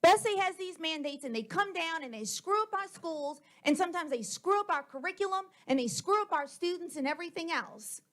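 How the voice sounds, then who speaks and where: A school board member speaks into a table microphone in a public board meeting room, arguing heatedly and confrontationally as she hammers the same points repeatedly. Her voice is very high and a bit bright, expressive and fairly quick, with hardly any pauses.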